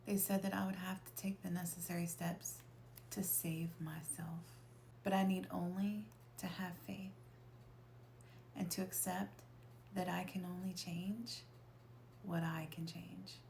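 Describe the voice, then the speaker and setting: A woman with a low, gravelly voice tells a personal story in a confessional way. Her delivery stays on a narrow pitch range, and she often sinks into a near-whisper, swearing now and then for emphasis. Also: level tone, a little slow, a little mellow, a little hiss or hum. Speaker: storyteller sharing a personal experience.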